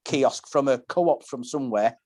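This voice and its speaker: A man's voice: medium pitch, normal speed, a little mellow. A man hosting a casual podcast, telling long descriptive stories with many restarts. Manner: rambling, descriptive storytelling with frequent restarts. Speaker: podcast host. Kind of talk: casual pub-talk podcast.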